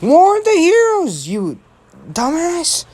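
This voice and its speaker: A young storyteller voicing a bossy male hero student who yells and scolds, in a casual retelling of an anime fan story. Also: very high-pitched, huge pitch swings, slow pace, pitched above the performer's own voice, full character voice. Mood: yelling. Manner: shouting, scolding.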